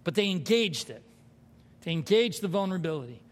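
A man preaching a sermon as pastor, animated and conversational, with humor. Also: high-pitched, fairly quick. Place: church sanctuary. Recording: hall reverb.

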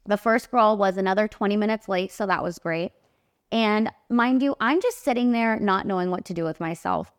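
Animated young woman telling a story. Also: medium pitch, a little fast, hardly any pauses, clear, resonant tone, no room sound, clean studio sound. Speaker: podcast host, makeup artist. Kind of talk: casual storytelling.

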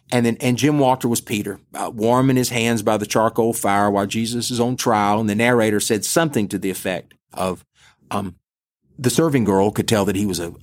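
A middle-aged priest teaches the Bible on a podcast. He talks in a relaxed, conversational way and drops in asides as he tells stories. His voice sits at an ordinary pitch for a man.

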